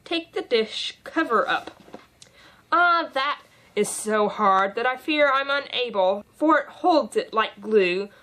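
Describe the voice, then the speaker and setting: A woman voicing a gentle, dreamy queen in an audiobook reading, speaking slowly in a cooing, wavering way. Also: fairly high pitch, lively intonation, full character voice. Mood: sing-song.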